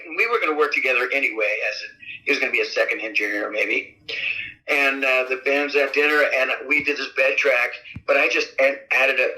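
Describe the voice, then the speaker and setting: A man being interviewed as a rock singer, telling stories in a casual, animated way and acting out quotes with big jumps in pitch. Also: low-quality recording. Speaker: rock vocalist guest. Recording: radio interview audio.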